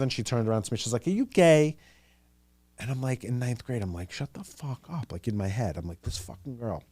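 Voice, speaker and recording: A chatty man in his thirties with a New York accent hosts a solo podcast, chattering gossip and hopping from thought to thought. His middle-pitched voice is recorded close and dry, with no room sound. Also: a little mellow, no room sound. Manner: chatty and gossipy, jumps between ideas, acts out quotes. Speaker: podcast host. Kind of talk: casual solo podcast chat.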